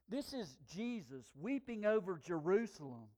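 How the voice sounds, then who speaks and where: A man preaching a sermon as pastor, swinging between hushed passages and loud, emphatic declarations. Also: fairly high pitch, expressive, a little slow.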